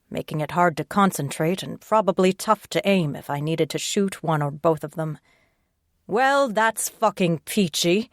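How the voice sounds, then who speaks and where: A woman reads a first-person audiobook in a low voice with a terse, hard-boiled edge. The sound is dry and close, with no room around it. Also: no echo. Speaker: audiobook narrator.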